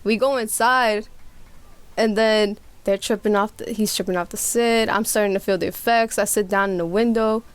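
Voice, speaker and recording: A woman's voice: mid-range voice, normal speed, smooth. Slangy young woman telling a wild story. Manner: animated storytelling with voiced quotes, slangy and profane. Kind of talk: casual chat.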